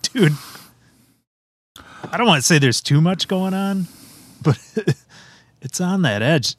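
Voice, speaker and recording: A man's voice: high-pitched, animated, slow. A man casually chatting through a beer tasting, describing it in detail and laughing often. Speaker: beer reviewer.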